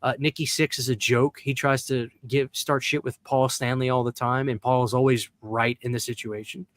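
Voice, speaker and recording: A man's voice: medium pitch, little pitch movement, normal speed, no room sound. A man hosting a podcast in casual chat, ranting bluntly and emphatically with plenty of profanity. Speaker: podcast host.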